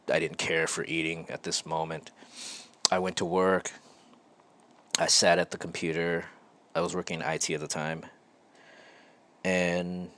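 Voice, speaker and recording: A man hosting his own show, telling a personal story in a slow, halting and reflective way with frequent pauses. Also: deep voice, a bit bright. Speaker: podcast host.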